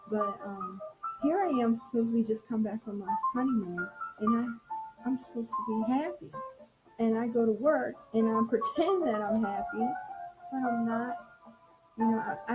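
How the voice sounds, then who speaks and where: A middle-aged woman sharing a personal story in a soft-spoken, reflective way. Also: a little high, poor audio. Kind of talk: personal testimony talk. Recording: music playing clearly behind.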